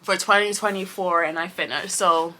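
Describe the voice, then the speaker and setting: A woman chatting to camera about books she read, rambling with many fillers and restarts, passionate and expressive. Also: lowish voice, normal speed, a little hiss or hum. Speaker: booktuber. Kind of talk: casual chat to camera.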